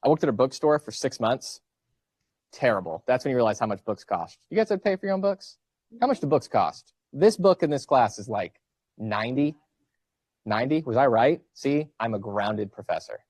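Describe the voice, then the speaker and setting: A man's voice: mid-range voice, expressive, moderate pace, darkish tone, breathy edge, dry recording. A man in his thirties, a college professor giving a casual lecture, joking and asking his students questions. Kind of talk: classroom lecture with student banter. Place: classroom.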